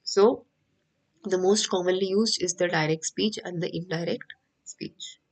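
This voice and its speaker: Female teacher, Indian English accent, slightly low voice, patient and repetitive classroom delivery. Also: vocal fry, low-quality recording. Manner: patient, repeats each point slowly. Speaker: French teacher. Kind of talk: online class lecture.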